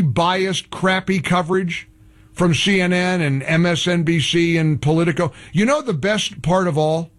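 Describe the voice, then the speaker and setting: High, animated sarcastic male radio host. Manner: heavily sarcastic, mocking. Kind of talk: political commentary monologue.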